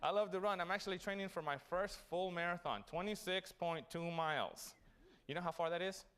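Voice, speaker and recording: Man, motivational graduation speaker, slightly high voice, animated storytelling, questions to the audience. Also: a little fast, clear, resonant tone. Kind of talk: motivational speech. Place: city hall event.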